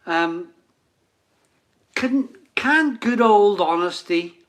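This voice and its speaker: Bloke in his forties hosting a live stream, chatty, giggly, slow and bright. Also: high voice, animated. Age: 40s. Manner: chatty, laughs often, reads chat comments aloud. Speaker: beer reviewer and live stream host. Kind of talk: casual live stream chat.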